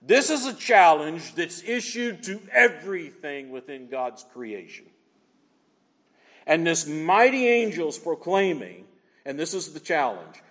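A man preaches with a high, lively voice that swoops up and down as he presses his points with repeated questions. His words ring out with a long reverb, as if filling a big church hall. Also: a little slow. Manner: animated, emphatic preaching with repeated rhetorical questions. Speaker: pastor. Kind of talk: sermon.

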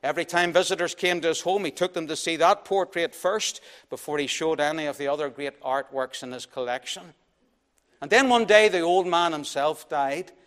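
A man preaching a sermon in a church, telling a story dramatically and swinging between loud and hushed delivery. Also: a little high, moderate pace.

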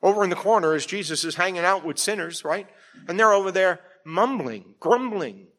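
A man's voice: high-pitched, lively intonation, moderate pace, fairly bright tone. Man preaching with rising, emphatic fervor. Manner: emphatic preaching with frequent "all right?" check-ins. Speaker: pastor. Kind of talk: sermon.

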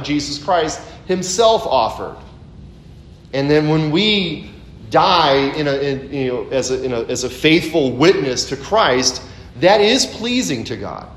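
A man preaching a conversational expository sermon, full of asides and rhetorical questions. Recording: echoey room, faint background rumble.

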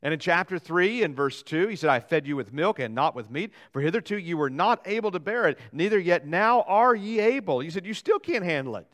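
A pastor preaching a sermon in a church, with folksy jokes and asides to the congregation and a delivery that swings from loud to quiet. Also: male voice, sits high, expressive, a little fast, few pauses. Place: church sanctuary.

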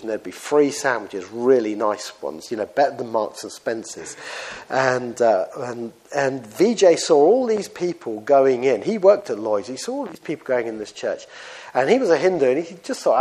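A man's voice: mid-range voice, darkish tone, husky. Man preaching in a chatty way. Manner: conversational, anecdotal preaching with frequent fillers. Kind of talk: sermon.

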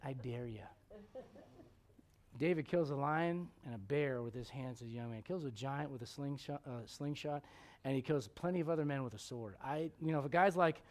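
A man preaching a sermon, telling stories and acting out the quotes, sometimes dropping to a hushed tone. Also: mid-range voice, moderate pace. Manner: animated storytelling, acts out quotes, drops to hushed tones.

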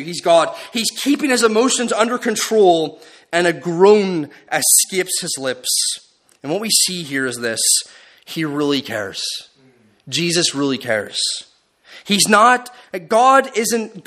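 A man preaching a sermon. He speaks expressively, dropping low and soft for quoted lines and rising for emphasis.

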